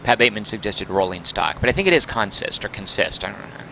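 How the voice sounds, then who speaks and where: A man's voice: on the low side, very animated, rapid-fire, creaky, pushed and bright, slight background noise. A man streaming a game, chatting and muttering to himself, mildly exasperated with the controls. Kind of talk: casual game livestream commentary.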